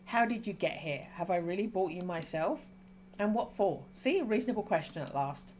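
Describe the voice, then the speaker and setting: A woman streamer reading a game's dialogue aloud and reacting with excited squeals between calmer reading. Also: lowish voice, normal speed, a little hiss or hum.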